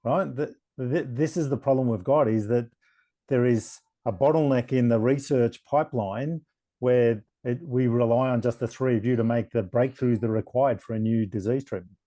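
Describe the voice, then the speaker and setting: Mellow-voiced man moderating a panel. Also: mid-range voice, moderate pace, no echo. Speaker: moderator and CEO. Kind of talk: panel discussion.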